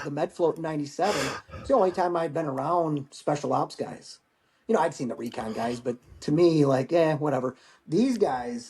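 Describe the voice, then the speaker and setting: Animated, profane man telling war stories. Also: a little high. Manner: profane, animated anecdote-telling with acted quotes. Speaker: podcast guest, Marine veteran. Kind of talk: casual storytelling.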